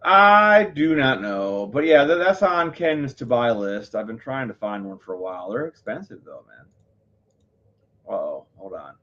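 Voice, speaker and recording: A man on a live stream, rambling through his thoughts with plenty of fillers and self-corrections. His voice sits on the low side, and the sound is a bit muffled and lo-fi. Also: lively intonation, normal speed. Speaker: livestreamer. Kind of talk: casual live-stream chat.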